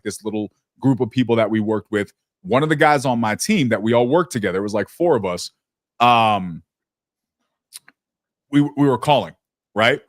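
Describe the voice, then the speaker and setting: A man's voice: mid-range voice, dry recording. Blunt, profane man in a dry close sound. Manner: blunt, profane, storytelling with animated impressions. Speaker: podcast host. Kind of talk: casual business talk.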